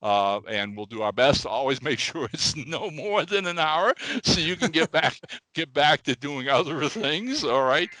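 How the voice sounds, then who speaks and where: A man co-hosting a casual podcast from a studio, animated, often restarting his sentences, and telling a joke. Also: a little high, normal speed, no echo, poor audio. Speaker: podcast co-host.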